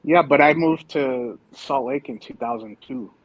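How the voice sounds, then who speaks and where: A man's voice: medium pitch, measured pace, low-quality recording. A man chatting casually on a podcast, laid-back with dry jokes. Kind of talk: casual group chat.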